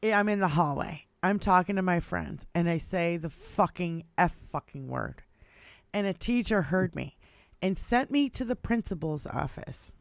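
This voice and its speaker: A woman co-hosting a casual livestream chat, telling stories in an animated way, swearing freely and laughing often. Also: on the low side, normal speed, creaky, dry recording. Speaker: livestream co-host.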